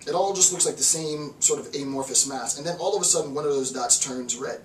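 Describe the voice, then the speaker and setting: Man, philosophy lecturer, animated, repeats himself, slightly high voice, roomy echo, distant mic, faint hiss. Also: fairly quick. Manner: animated, repeats words, acts out little voices. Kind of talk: informal lecture.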